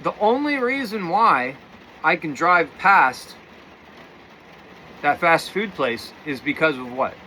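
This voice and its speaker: Animated man rambling about energy. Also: a little high, slow pace, pauses often, a little hiss or hum. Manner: rambling, animated, addresses viewers as guys. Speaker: spiritual teacher. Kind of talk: casual spiritual talk to camera.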